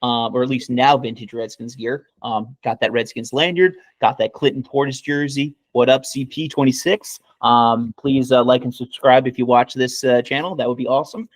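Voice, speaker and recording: A man's voice: medium pitch, fairly even intonation, moderate pace, hardly any pauses, dry recording. Man, podcast co-host, sarcastic mock praise, lots of ums, dry close sound. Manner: rambling with many fillers. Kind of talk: casual chat.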